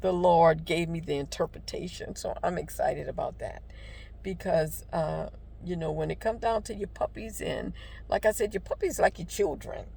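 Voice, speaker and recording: An older woman speaks in a low, gravelly voice. She tells a personal story in a heartfelt, rambling way, with many ums and restarts, then turns it into gentle encouragement. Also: normal speed, a little hiss or hum. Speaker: devotional vlogger. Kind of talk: casual personal testimony with encouragement.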